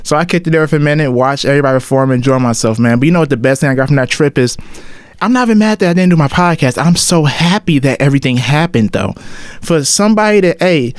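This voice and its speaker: A man's voice: fairly high pitch, lively intonation, quick pace, no echo. Laid-back young man with a slangy delivery. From Ohio. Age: 20s. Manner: loose, slangy, addresses listeners as y'all. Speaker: podcast host. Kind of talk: casual solo podcast talk.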